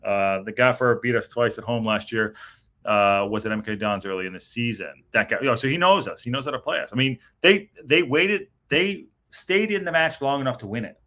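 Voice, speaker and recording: A man's voice: mid-range voice, brisk, sharp tone. A middle-aged man hosting a post-match reaction stream, rambling and swearing in frustration as he reads viewer comments. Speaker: podcast host reading chat.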